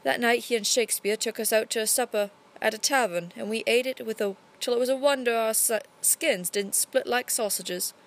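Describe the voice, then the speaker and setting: A woman reading a storybook aloud in a put-on English accent, narrating steadily with lively emphasis. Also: fairly high pitch, a little fast, hardly any pauses.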